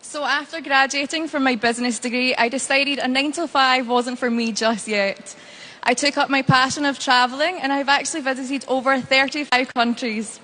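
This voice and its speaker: A woman's voice: sits high, fairly even intonation, normal speed, bright, forceful tone. A woman giving a fluent, rehearsed pageant self-introduction. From Scotland. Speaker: pageant contestant.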